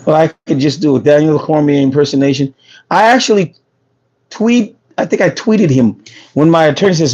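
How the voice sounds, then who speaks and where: A man's voice: fairly high pitch, expressive, moderate pace, pauses often, a little mellow, lo-fi sound. A man from New York hosting a casual livestream, joking and laughing with viewers while losing his voice. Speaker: food truck business livestream host. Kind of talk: casual livestream chat reading comments. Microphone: phone.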